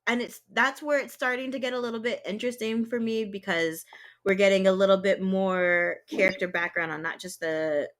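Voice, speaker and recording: A woman's voice: mid-range voice, fairly quick. A woman from Georgia co-hosting a podcast, chatting casually and animatedly, acting out lines with feeling. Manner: animated, dramatic re-enactments. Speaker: podcast co-host. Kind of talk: casual chat.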